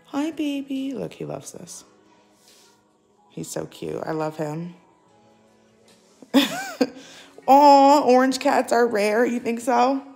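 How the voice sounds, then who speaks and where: A woman's voice: on the high side, takes it slowly, creaky, pauses often, mellow, soft background music. A woman vlogging casually at home, chatting with her live viewers, reading their comments aloud and talking to her cat. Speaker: livestream vlogger. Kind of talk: casual live-chat vlog. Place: at home indoors.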